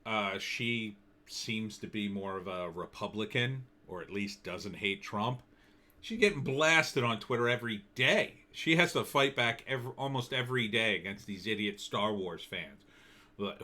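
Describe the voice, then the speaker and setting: A man delivers a solo opinion commentary, loose and conversational with a sardonic edge. His voice sits fairly low but has a forceful brightness to it. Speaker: political commentator.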